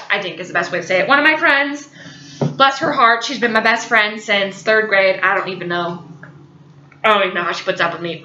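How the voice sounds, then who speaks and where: A young woman, a college student, telling a funny story in an animated, dramatic way. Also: fairly high pitch, reverberant, muffled recording, slight background noise. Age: young adult. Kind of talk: storytelling vlog.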